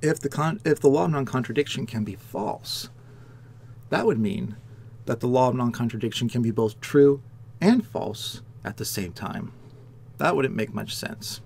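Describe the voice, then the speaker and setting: Gravelly-voiced man giving a lecture. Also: mid-range voice, animated, normal speed, a little mellow, slight background noise. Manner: explains with worked examples and rhetorical questions. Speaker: philosophy lecturer. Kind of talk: recorded lecture.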